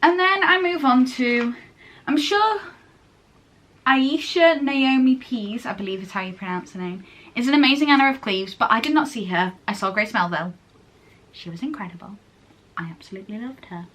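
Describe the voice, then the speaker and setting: Fairly quick and animated, a late-teen girl from England vlogs in a casual chat, gushing, rambling and often interrupting herself. Her voice is medium-pitched with a fairly bright tone.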